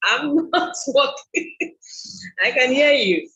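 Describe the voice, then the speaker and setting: A woman's voice: high-pitched, lively intonation, slow, fairly bright tone, highs cut off. A woman on a video call from a class, answering the speaker with a laugh and saying she can hear him. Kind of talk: casual chat. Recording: breaking-up, husky call audio.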